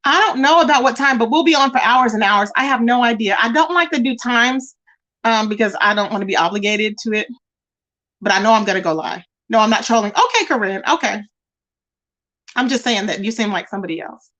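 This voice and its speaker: Woman on a live stream chattin with viewers, fairly high voice, calls everyone baby. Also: lively intonation, fairly quick, a bit bright, dull audio. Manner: chatty, greets viewers with terms like baby and child. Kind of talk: casual live-stream chat reading comments.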